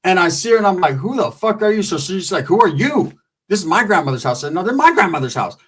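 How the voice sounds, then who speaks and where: A man telling a comic story in a casual, profane, slangy way, breaking into squeaky voices when he quotes people. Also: very animated, fast, breathy edge.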